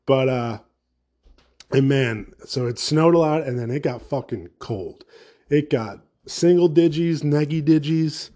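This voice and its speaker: A man's voice: on the high side, measured pace, dark tone. A man hosting his own podcast alone, talking casually in a rambling, profane and sarcastic way. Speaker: podcast host. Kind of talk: casual solo podcast rant.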